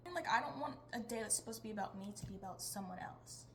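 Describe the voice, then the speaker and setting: Speaking quickly in a fairly high voice over noisy surroundings, a teenage girl rambles through a casual vlog. She's chatty, hops between topics, and laughs often.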